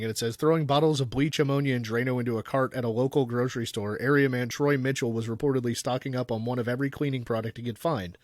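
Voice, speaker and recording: A man's voice: medium pitch, no room sound, studio quality. A man co-hosting a podcast in casual chat, an easygoing storyteller who reads articles aloud. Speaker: podcast co-host.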